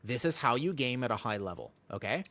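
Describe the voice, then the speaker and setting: Bright-toned and expressive, a medium-pitched male streamer talks briskly to viewers and friends over a video game. He explains his point by repeating it emphatically, with an occasional swear thrown in.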